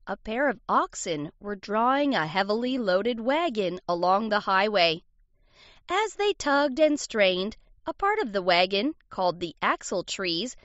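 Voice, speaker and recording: Woman, storybook fable reading, expressive, dry muffled recording. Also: mid-range voice, dry recording. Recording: dull lo-fi recording.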